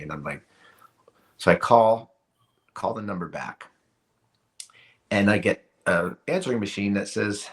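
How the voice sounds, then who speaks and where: A man's voice: fairly low pitch, animated, normal speed, long pauses. A middle-aged man, a podcast guest, telling a personal story in a casual interview, with many restarts and "you know"s. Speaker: podcast guest, retired hockey player.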